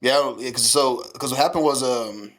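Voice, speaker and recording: A man around thirty, a podcast co-host, casually telling profane, animated stories about his family and often laughing. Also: mid-range voice, a little fast. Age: 30s. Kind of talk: casual chat.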